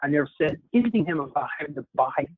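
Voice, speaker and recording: A man runs a sales training session, coaching in an upbeat way and constantly calling his listeners "guys." His fairly high voice is expressive, racing and slightly rough, heard over a tinny, dry phone line.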